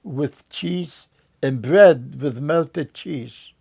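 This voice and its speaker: Older man, slow gravelly storytelling. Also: a little high, a little mellow. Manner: slow, halting storytelling with restarts. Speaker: interviewee. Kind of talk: recounting wartime memories.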